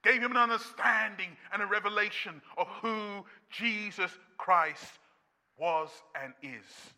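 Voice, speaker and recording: A man preaching a sermon as pastor, impassioned and building to shouts with repeated refrains. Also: sits high, unhurried. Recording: long reverb of a church hall.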